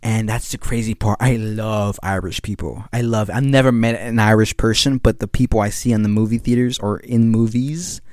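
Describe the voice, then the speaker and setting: A man's voice: lowish voice, steady tone, normal speed, few pauses, darkish tone, no room sound, studio quality. A young man hosting his own podcast, chatting casually in a rambling, slang-heavy way with frequent laughs, a little tired. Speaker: podcast host. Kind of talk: casual solo monologue.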